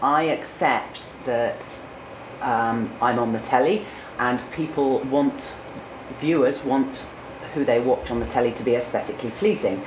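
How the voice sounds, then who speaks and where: A woman's voice: very deep voice, a little slow. A woman in her forties from Cornwall, a news presenter answering interview questions candidly and chattily, with fillers. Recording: echoey room with noticeable background noise.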